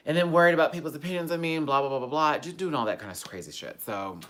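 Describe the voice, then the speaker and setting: A man hosting a casual live-stream Q&A, talking candidly and swearing freely, with loud animated bursts that drop to soft, quiet asides. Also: on the high side, racing. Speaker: YouTube host answering viewer questions.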